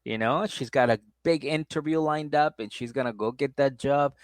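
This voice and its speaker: A man's voice: mid-range voice, moderate pace, no room sound. A man co-hosting a podcast, chatting loosely as he recaps a reality show. He laughs often and mimics people in a raised voice. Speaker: podcast co-host.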